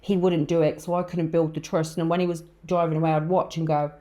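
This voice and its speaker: A woman co-hosting a casual chat podcast, with a lowish, mellow voice. She tells stories animatedly, acting out what people said, and laughs often. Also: fast talker. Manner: animated storyteller, acts out quotes, laughs often. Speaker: podcast co-host.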